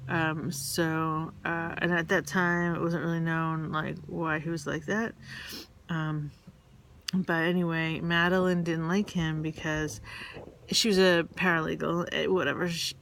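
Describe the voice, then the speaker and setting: Flat, gravelly woman telling stories. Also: low voice, a little hiss or hum. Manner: rambling and halting, many fillers and restarts; candid, confessional. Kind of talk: casual personal storytelling.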